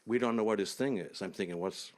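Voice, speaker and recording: A man telling a long travel story as an interview guest, unhurried and detailed, often trailing off low. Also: darkish tone.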